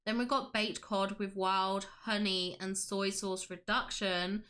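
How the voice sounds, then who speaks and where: A woman's voice: mid-range voice, flat delivery, unhurried, pushed and bright. A woman hosting a casual livestream, gushing with enthusiasm and reading chat aloud. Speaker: livestream host.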